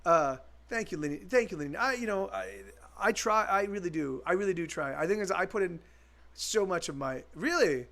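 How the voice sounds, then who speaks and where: A man's voice: sits high, lively intonation, brisk, gravelly, fairly bright tone. A man, a musician, chatting casually with viewers during a live stream, rambling with many restarts and the odd swear word.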